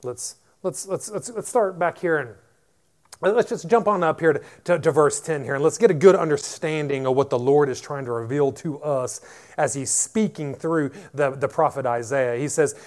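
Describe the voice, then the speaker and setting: A male pastor mid-sermon raises his fairly high voice into loud, emphatic declarations, then eases back into a quieter teaching tone at a moderate pace. He repeats words to build momentum and calls out to the congregation.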